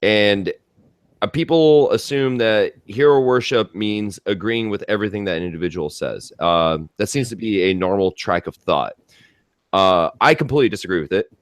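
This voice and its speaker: Deep tipsy man rambling in casual chat. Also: normal speed, no echo, studio quality. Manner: rambling, swearing, laughing asides. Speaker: co-host.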